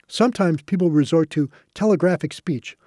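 Mellow, dry-voiced male narrator. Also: on the high side, moderate pace, dry recording. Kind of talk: scripted narration.

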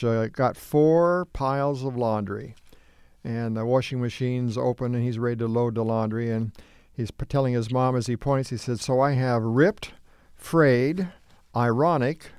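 Smooth-voiced male radio co-host. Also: mid-range voice, darkish tone, dry recording, studio quality. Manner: amused, chuckling between lines. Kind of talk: casual radio chat reading comics.

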